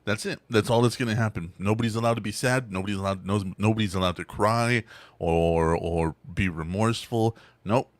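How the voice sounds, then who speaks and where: A man's voice: on the low side, brisk, dry recording. A man co-hosting a podcast, telling stories in casual, profane chat and laughing often.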